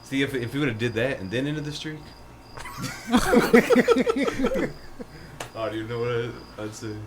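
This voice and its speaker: A man's voice: mid-range voice, measured pace, a crowd in the background. A man co-hosting a casual podcast who asks questions and chuckles often. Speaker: podcast co-host. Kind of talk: casual chat. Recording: faint background noise, live stream audio.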